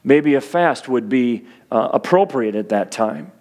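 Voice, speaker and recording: A man's voice: medium pitch, animated, a little slow, darkish tone. A male pastor preaching a sermon in an earnest, encouraging way, with homely humorous asides to his congregation.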